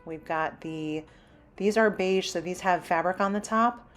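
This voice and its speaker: A woman's voice: on the low side, unhurried, a bit bright, faint music behind. A woman hosting a shopping vlog who walks through a large store and chats casually, reading out prices as she browses. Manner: chatty, lists prices while browsing. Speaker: shopping vlogger. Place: inside a large home improvement store.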